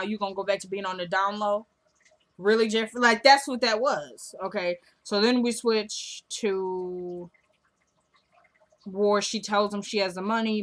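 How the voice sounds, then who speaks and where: A woman vlogger casually recapping a TV drama episode in a slangy, animated storytelling way. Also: mid-range voice.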